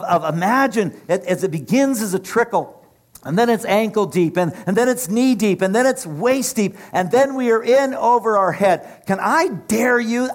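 A middle-aged male preacher delivers a sermon in a notably high voice. He builds his points in rhythmic, repeated phrases and speaks with rising passion.

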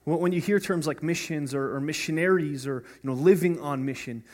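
A man's voice: a little high, fairly quick. A man preaching a sermon as pastor in a conversational way, often asking "right?" and restarting his words. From North America.

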